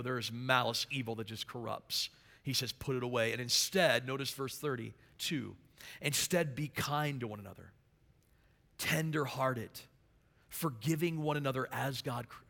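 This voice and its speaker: A middle-aged man preaching a sermon, moving from quiet storytelling to loud, emphatic preaching. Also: mid-range voice, gravelly. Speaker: pastor. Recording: long hall reverb.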